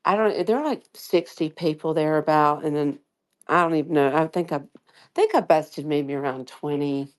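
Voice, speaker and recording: A woman's voice: sits low, moderate pace. A tired woman with a slight lisp, telling a story in rambling, chatty co-host talk. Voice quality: slight lisp from a dental tray. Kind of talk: casual chat.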